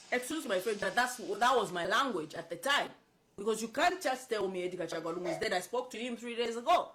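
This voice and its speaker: A woman's voice: mid-range voice, animated, fast talker, a bit bright, slight background noise, poor audio. A woman from Zambia giving emotional, insistent political commentary, upset and near tears, repeating herself. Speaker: political advocate.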